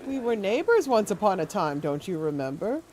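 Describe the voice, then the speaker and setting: A woman's voice: mid-range voice, sing-song, normal speed, darkish tone, natural voice. A woman reading as a creepy old man. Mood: menacing. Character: creepy older man, unsettling self-appointed guardian. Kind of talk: reading game dialogue aloud.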